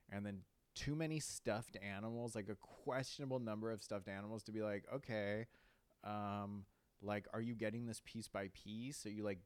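Here a young podcast host rambles through casual stories, peppering them with curse words and plenty of "like." His voice is on the low side, and no room sound comes through.

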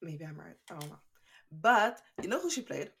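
Low-pitched young woman from Canada, podcast co-host, chatty and rambling. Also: big pitch swings, normal speed, vocal fry, fairly bright tone, slightly rough. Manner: chatty, rambling with fun facts. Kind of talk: casual chat.

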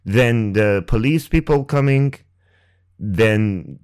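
A man hosting a podcast and telling a painful personal story. He speaks haltingly and emotionally, restarts often and swears, close to the mic. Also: fairly low pitch, expressive, a little mellow, clean tone, no echo. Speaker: podcast host. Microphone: close ASMR microphone.

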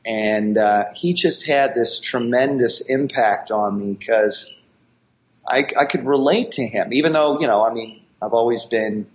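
Lo-fi audio with a bit of hiss or hum carries this American martial arts actor's medium-pitched voice at a measured pace. As an interview guest, he rambles through long stories, often backing up to begin again.

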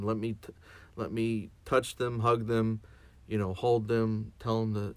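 A man's voice: lowish voice, little pitch movement, unhurried, no room sound. A man speaking as a chaplain in a reflective podcast monologue, earnest and often restarting and repeating his words.

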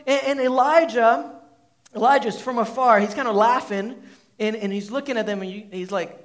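A man preaching a sermon to a congregation in a conversational, animated way, asking the audience questions and using many fillers. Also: very high voice, normal speed. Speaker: pastor. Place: church hall before a congregation.

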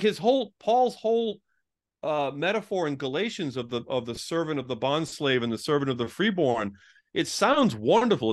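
A middle-aged man talking as an interview guest, a former pastor, in casual storytelling, saying "like" often and acting out the people he quotes. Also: fairly high pitch. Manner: chatty, peppered with "like", acts out quoted dialogue.

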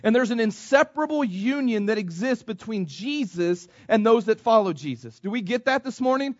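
A man's voice: sits high, animated, moderate pace, dry recording, lo-fi sound. A man from the United States preaching a sermon, repeating himself and calling the congregation "church". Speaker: pastor.

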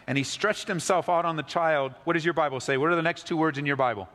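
A male pastor giving an animated sermon, reading scripture and teaching with emphatic, rising delivery. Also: fast talker, few pauses, long reverb tail. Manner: animated preaching, voice rising high when acting out the widow's excitement.

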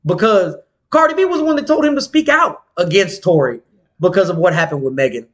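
A man chatting casually as a podcast co-host, telling animated, slangy, profane stories. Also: brisk. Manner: animated storytelling, swings pitch wide, slangy and profane. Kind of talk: casual chat.

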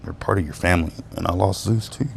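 A man with a very deep, gravelly voice rambles through a personal story, swearing constantly and laughing between lines. He swings between bitterness and wistfulness, with faint noise behind him. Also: quick pace. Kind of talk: casual personal storytelling monologue.

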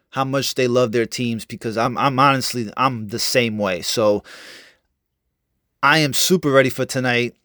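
A man's voice: medium pitch, fairly bright tone, dry recording, clean studio sound. Fired-up, profane male sports fan. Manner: profane, fired-up trash talk with many fillers and restarts. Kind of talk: casual fan rant.

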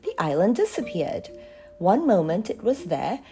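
Mellow woman reading a storybook. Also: medium pitch, faint music behind. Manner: expressive, measured.

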